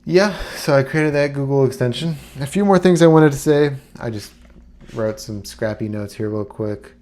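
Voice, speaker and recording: A man talking casually to camera as a YouTuber, rambling and relaxed with plenty of fillers. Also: medium pitch, normal speed. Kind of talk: casual screen-recorded talk.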